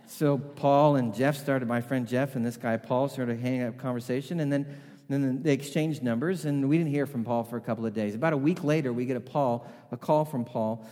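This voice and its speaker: A man's voice: mid-range voice, fairly even intonation, fairly quick, warm tone, long reverb tail. A man preaching a sermon in a conversational, storytelling way.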